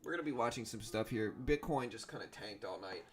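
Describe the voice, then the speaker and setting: A young man from South Louisiana with a Southern accent, hosting a stock trading livestream in a relaxed, rambling way with many fillers. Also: fairly low pitch, brisk, slight background noise. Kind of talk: casual livestream chat.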